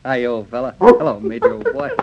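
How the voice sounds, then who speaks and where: An actor playing a cheerful young architect husband with a breezy, jovial manner, in an old radio drama. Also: male voice, medium pitch, huge pitch swings, brisk, vocal fry, heavy background noise. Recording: dull lo-fi old radio recording.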